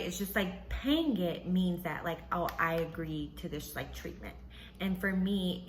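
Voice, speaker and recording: A woman hosting a podcast, casually telling a personal story and acting out what others said in a higher voice. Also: roomy sound, slight background noise, low-quality recording. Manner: animated, acts out quotes in a high voice, laughs often. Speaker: podcast host.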